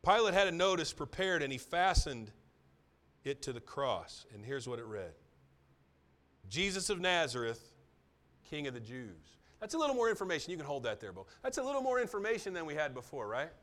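A middle-aged man preaching a sermon as pastor, dropping to soft, near-whispered asides and then building to loud, emphatic repetitions. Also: mid-range voice, sing-song, fast.

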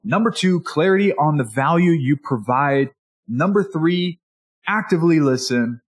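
A man coaching on networking in a casual spoken lesson, acting out quoted people with brisk shifts in pitch. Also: expressive, husky.

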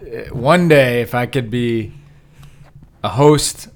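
A man's voice: medium pitch, takes it slowly. A man hosts a casual podcast chat. He is upbeat and rambling, and he often stops to correct himself mid-sentence. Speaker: podcast host.

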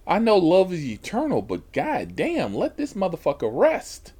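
A man's voice: fairly high pitch, big pitch swings, moderate pace, few pauses, a little mellow. A man hosting a podcast, telling a story from his rideshare driving in an exasperated, heavily profane way. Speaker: podcast host and rideshare driver.

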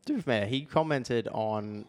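A man's voice: medium pitch, unhurried. A man co-hosting a casual podcast, talking in a dry, matter-of-fact way. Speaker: podcast co-host. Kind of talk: casual chat.

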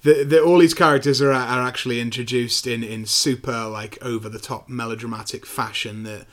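A man co-hosting a casual film review podcast, retelling scenes with animated quick impressions. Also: mid-range voice. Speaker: podcast co-host.

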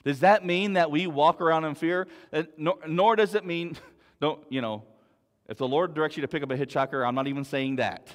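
A man's voice: on the high side, fairly quick, big-room sound. A man preaching a sermon as pastor, earnest and storytelling, repeating words as he builds his point.

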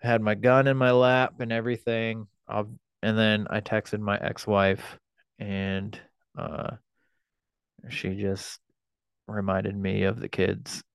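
A man in his thirties, a podcast guest telling a personal story in a halting, profane way, with many fillers and restarts. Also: fairly low pitch, flat delivery, gravelly, smooth, no room sound.

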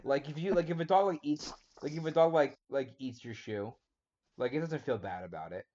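A man's voice: on the high side, fairly quick, warm tone. A man hosting a casual chat, playful and teasing, with lots of filler words. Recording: dull muffled sound.

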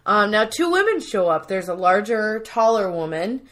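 A woman's voice: medium pitch, very animated, moderate pace, a bit bright. A woman co-hosting a casual podcast, chattily retelling a TV episode and acting out lines from it. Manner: chatty storytelling, acts out quotes in voices. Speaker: podcast co-host recapping a TV episode. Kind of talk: casual chat.

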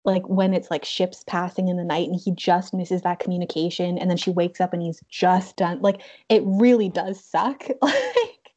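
A woman's voice: on the low side, animated, moderate pace, hardly any pauses, a little mellow. Giggly young woman chatting. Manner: giggly, lots of "like" fillers. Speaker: podcast co-host. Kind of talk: casual chat. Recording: dull lo-fi sound.

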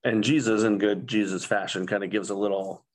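A man's voice: on the low side, steady tone, brisk. A man co-hosting a casual Bible discussion, talking in a rambling, chatty way full of fillers and now and then slipping into playful mock-dramatic laments. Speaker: co-host of a scripture discussion.

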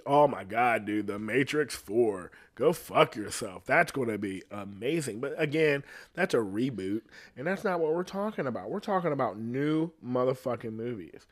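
Here a man hosts a podcast, riffing in a loose, profane comedic monologue. He keeps checking in with "you know what I'm saying," and his animated voice swings widely in pitch and loudness between phrases.

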